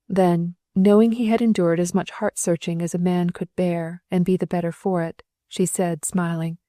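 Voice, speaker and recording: A woman narrating a classic novel as an audiobook, gentle and measured, close to the mic. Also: lowish voice, level tone, dry recording. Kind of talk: scripted narration.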